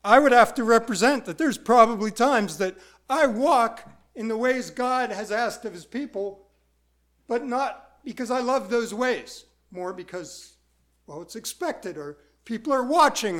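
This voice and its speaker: High-voiced man preaching a sermon. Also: a bit bright. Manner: conversational, asks the congregation questions. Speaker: pastor.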